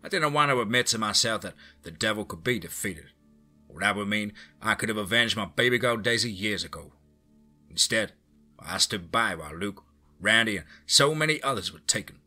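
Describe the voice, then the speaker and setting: A man's voice: fairly low pitch, expressive, normal speed, bright, forceful tone, faint music behind, exaggerated voice. A man voicing an angry older male rancher who speaks in a heated, blunt way. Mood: bitter.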